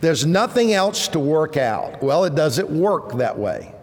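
High-voiced slow preacher in a reverberant hall. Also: male voice, big pitch swings, a little hiss or hum. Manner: earnest, measured, swells in emphasis. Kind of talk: sermon. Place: church sanctuary. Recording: long reverb of a church hall.

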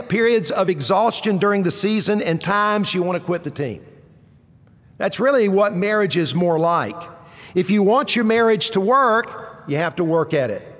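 A male pastor preaches a sermon through stories, using dramatic pauses and going low and quiet for punchlines. The large hall gives a long reverb.

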